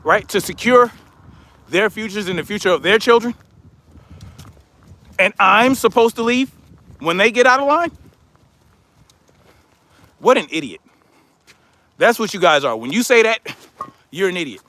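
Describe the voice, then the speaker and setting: A man's voice: high voice, sing-song, a little slow, pauses often, bright, forceful tone. Heated, profane man ranting on a livestream. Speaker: livestream commentary host. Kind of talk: casual livestream rant.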